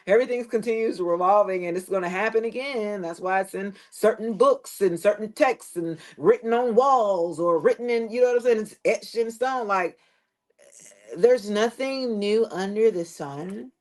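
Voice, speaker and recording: A middle-aged woman, hosting a casual live stream and talking bluntly and at length to her viewers, swearing now and then. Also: mid-range voice. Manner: rambling, emphatic, blunt with swearing; talks straight to viewers.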